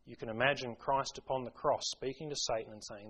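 A man's voice: mid-range voice, brisk, hardly any pauses, a bit bright, poor audio. A man preaching a sermon, earnest and building to impassioned emphasis as he quotes scripture.

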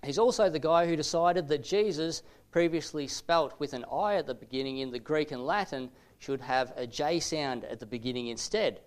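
English male teacher, slightly higher voice, smooth and clear, calm explanatory delivery. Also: moderate pace, hardly any pauses. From England. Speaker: Bible teacher. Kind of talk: explanatory talk to camera.

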